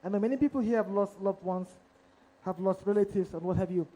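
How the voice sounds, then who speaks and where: A man with a high-pitched voice and a warm, mellow timbre tells his story live on stage. He speaks as an investigative journalist, dramatic and direct, often putting questions straight to the audience. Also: fast, poor audio.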